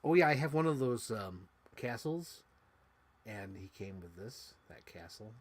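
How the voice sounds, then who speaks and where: Young male vlogger, very lively pitch, gushing, casual, swears. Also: normal speed, slightly rough. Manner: excitable, swings between shrieks and mumbles. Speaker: toy unboxing vlogger. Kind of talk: casual excited chat to camera.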